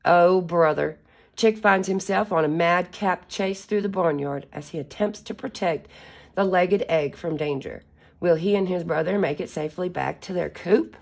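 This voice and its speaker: A woman's voice: lowish voice, moderate pace, gravelly, breathy edge. A woman reading a children's picture book aloud in a careful, teacher-like way. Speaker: story reader for children.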